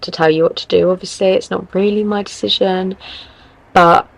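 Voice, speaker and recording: A woman's voice: medium pitch, steady tone, moderate pace, creaky, dry recording, low-quality recording. A young woman hosting a podcast, chatting casually as she gives relationship advice, rambling and correcting herself as she goes. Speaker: podcast host.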